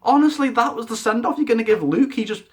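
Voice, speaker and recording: A young man doing a ranting review vlog, animated and exasperated, making sound effects. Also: very high-pitched, fast. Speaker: film reviewer.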